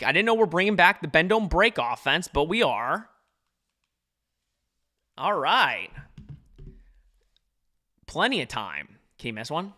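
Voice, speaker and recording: A man's voice: on the high side, normal speed, pauses often. A young man hosting a live watch-along podcast, reacting anxiously to a football game and answering chat viewers. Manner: anxious, excitable, talks to chat readers. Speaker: podcast host.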